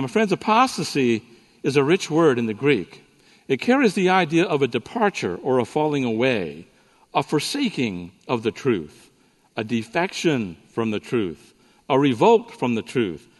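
A man's voice: medium pitch, in a large hall. A man speaking at a Bible conference, telling a joke story and teaching with playful asides to the audience. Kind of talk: conference sermon with humor. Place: conference hall.

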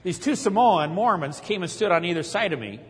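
A man's voice: high voice, animated, fairly quick. A man preaching a sermon, telling a dramatic story and raising his voice as he preaches. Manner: dramatic retelling, voice rising when preaching. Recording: long hall reverb.

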